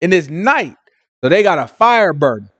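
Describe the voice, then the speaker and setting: A man's voice: sits high, very animated, normal speed, a bit bright, no room sound, highs cut off. A man teaching a casual Bible lesson, retelling scripture in street slang and acting out the voices of onlookers while checking in with his listeners.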